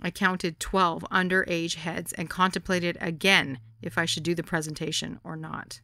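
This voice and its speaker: A woman narrating her own memoir as an audiobook, wry and deadpan. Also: on the low side, normal speed, gravelly, no room sound, studio quality.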